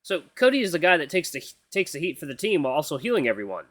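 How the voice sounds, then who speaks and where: A man's voice: on the high side, very animated, rapid-fire, a bit bright, dry recording, pitched above the performer's own voice. A man voicing an easygoing young male hero who talks in a casual, friendly way.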